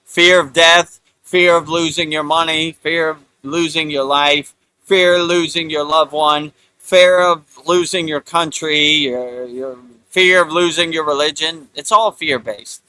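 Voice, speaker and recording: A man's voice: a little high, fairly even intonation, measured pace, bright, forceful tone, clear, resonant tone. A man hosting a live spiritual talk, rambling in a loose, repetitive way, often saying "you know" and mocking others with put-on voices. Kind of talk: casual live-stream monologue.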